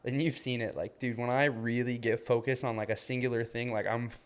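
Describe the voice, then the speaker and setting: A man in his twenties co-hosts a podcast, chatting casually in a loose, rambling way heavy on "like" and "man." His medium-pitched voice is clear and resonant, with fairly even intonation and a brisk pace.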